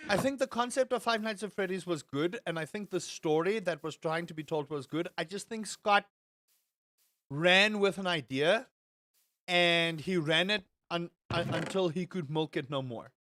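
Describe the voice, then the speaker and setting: A man's voice: high voice, moderate pace, a bit bright, dry recording, studio quality. A young man streaming a game and chatting loosely to his viewers, often restarting and repeating words and swearing. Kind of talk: casual live-stream chat while gaming.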